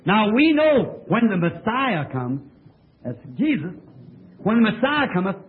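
On a tinny, lo-fi old tape, a man preaches in a church tabernacle, asking the congregation questions and stressing his arguments emphatically. His high-pitched voice swings broadly, yet his pace is unhurried.

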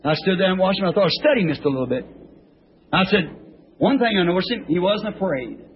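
A man preaching a sermon in a rambling, homespun storytelling way, breaking into high excited shouts, heard on a dull old tape recording with faint hiss. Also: a little fast. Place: church.

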